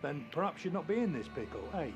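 An actor playing a preachy, born-again rig worker with a Scottish accent, soothing others and making promises. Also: male voice, a little high, very animated, quick pace, over loud music. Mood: placating.

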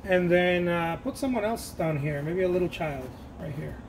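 A man's voice: sits high, expressive, normal speed, vocal fry, background noise. A man talking casually while he paints, rambling, joking about himself and laughing often. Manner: self-mocking and playful. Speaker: painter hosting his own art channel.

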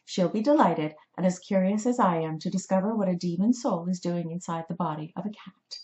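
A kind, cheerful young upper-class witch lilts through her lines with delight, as a woman reading the story puts her on. She speaks higher than the narration. The sound is a bit dull. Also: fairly quick, close to an everyday voice. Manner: bright, lilting and delighted.

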